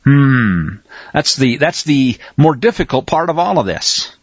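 A man's voice: mid-range voice, very animated, measured pace, husky, no echo, highs cut off. A man teaching a scripture lesson in a conversational way, often checking in with his listeners. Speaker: Bible study teacher.

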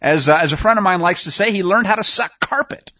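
A man's voice: high-pitched, fast, pushed and bright. A man teaching scripture in a conversational way, asking rhetorical questions and often restarting his sentences. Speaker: Bible teacher. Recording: dull lo-fi recording.

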